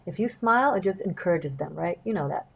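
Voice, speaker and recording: Low-voiced woman telling a personal story. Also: lively intonation, brisk, gravelly, breathy edge, poor audio. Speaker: tarot reader. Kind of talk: casual storytelling to camera.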